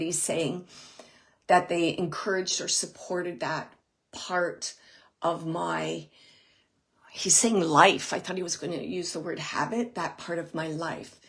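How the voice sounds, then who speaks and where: Woman relaying a medium's message haltingly. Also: on the low side, fairly even intonation, a bit bright. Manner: halting and searching, repeats phrases, relays messages. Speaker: psychic medium. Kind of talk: live mediumship reading to an audience member.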